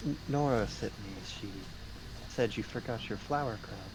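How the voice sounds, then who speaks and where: A man's voice: medium pitch, moderate pace, background noise, close to an everyday voice. Man voicing a stiff, formal vice captain woman. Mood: reserved.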